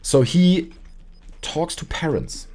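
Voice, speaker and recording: A streamer who also hosts a call-in show chats casually while gaming, rambling through animated stories and putting on voices for quotes. He speaks slowly at a fairly high pitch, and there's a little hiss or hum.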